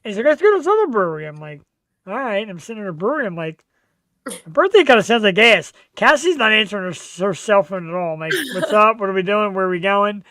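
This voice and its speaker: A man's voice: sits high, very animated, fast, bright, forceful tone, no room sound. A middle-aged man hosting a show, telling a birthday story with lots of swearing. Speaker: show host. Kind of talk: casual birthday chat.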